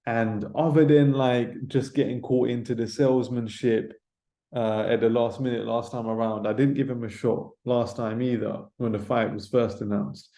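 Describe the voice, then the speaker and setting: A man's voice: medium pitch, steady tone, moderate pace, mellow. A British man giving casual boxing commentary, rambling and swearing, with no proper mic. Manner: rambling, swearing, lots of filler tags. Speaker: boxing pundit. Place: room without a proper mic. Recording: roomy echo, no mic.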